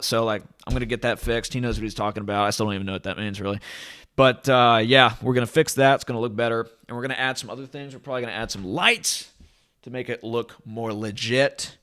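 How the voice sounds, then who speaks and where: Guy rambling to camera on his channel, super hyped, mid-pitched voice. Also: steady tone, quick pace, sharp tone, clear, resonant tone. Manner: rambling, enthusiastic, hype-driven. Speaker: crypto channel host. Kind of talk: casual to-camera vlog. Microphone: camera at desk.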